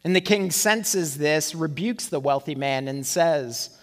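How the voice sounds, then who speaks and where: A male pastor preaches in a conversational, animated way and keeps posing rhetorical questions. His voice sits notably high. A long reverb trails through the hall behind him. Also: takes it slowly. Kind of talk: sermon.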